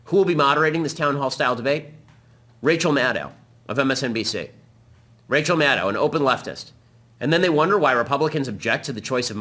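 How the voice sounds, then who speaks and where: Guy doing a punchy political monologue, super lively delivery, bright edgy tone. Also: medium pitch. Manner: combative, rapid-fire argument. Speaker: political talk show host.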